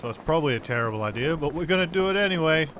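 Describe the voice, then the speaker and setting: A man's voice: fairly high pitch, animated, very fast, fairly bright tone, a little hiss or hum. Jumpy man doing let's-play commentary. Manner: jumpy, exclaims often at scares. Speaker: gaming channel host.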